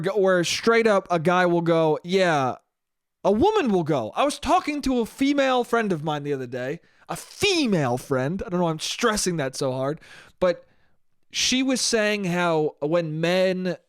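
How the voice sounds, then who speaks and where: A young man talks alone into a close podcast mic, his voice a little high and smooth. He rambles in a casual, profane way, mocks himself and laughs often. The sound is dry with no room around it. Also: no echo. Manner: rambling, profane, self-mocking, frequent laughs. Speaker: podcast host. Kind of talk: solo casual podcast monologue.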